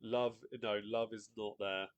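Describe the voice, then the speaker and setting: A man's voice: on the low side, little pitch movement, measured pace, clean tone, muffled recording. A man hosting a live online quiz, chatty, reading out viewer guesses and laughing often. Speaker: quiz host.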